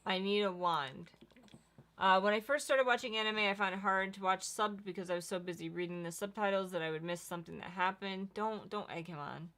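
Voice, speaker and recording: A woman's voice: medium pitch, brisk, a bit bright. A woman co-hosting a casual live stream, chatting and explaining things with lots of "like" fillers. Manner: reads viewer comments aloud.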